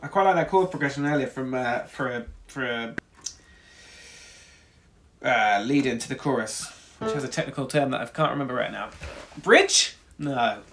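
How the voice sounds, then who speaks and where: A man's voice: mid-range voice, moderate pace, pauses often. A man casually talking to himself during a music-making livestream, mumbling ideas half under his breath. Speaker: music producer streaming a track build.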